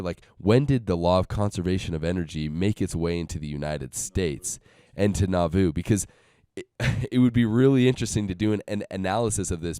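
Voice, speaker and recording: A man in a casual podcast discussion, laying out an argument in a measured, step-by-step way. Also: low-pitched, mellow, smooth, no room sound, studio quality.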